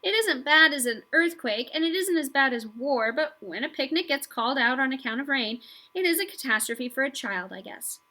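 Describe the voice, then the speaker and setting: A woman doing a brisk, bossy schoolteacher. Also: sits high, voice pushed up. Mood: boastful. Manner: exclaiming, bossy, loud and lively. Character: brisk stern woman first-grade teacher.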